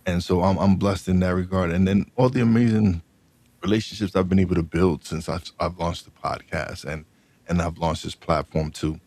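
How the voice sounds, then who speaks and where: A man hosting a podcast speaks in a very deep voice, and his words come out halting, with many repeated starts. The sound is dry and close, with no room around it. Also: steady tone, darkish tone, dry recording. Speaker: podcast host. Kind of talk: casual interview chat.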